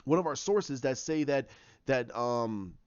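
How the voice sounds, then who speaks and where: A man's voice: medium pitch, animated, measured pace, clean tone, no echo, muffled recording, close to an everyday voice. A man voicing a deferential male imperial officer who reports hesitantly to his superior. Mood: dutiful.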